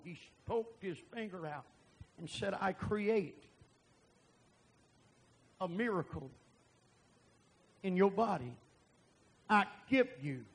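A man preaching a sermon and telling a testimony, animated and bursting into loud emphasis. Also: high voice, poor audio.

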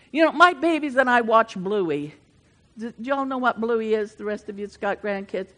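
An older woman preaching a sermon, moving between fervent, building passages and chatty asides with the congregation. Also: normal speed. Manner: swells louder and higher when preaching, drops to chatty asides with the congregation.

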